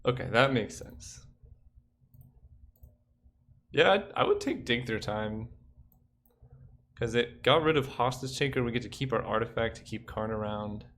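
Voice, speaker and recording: A man's voice: medium pitch, unhurried, long pauses, a bit bright. A young man giving casual commentary while playing a digital card game, thinking aloud and counting under his breath.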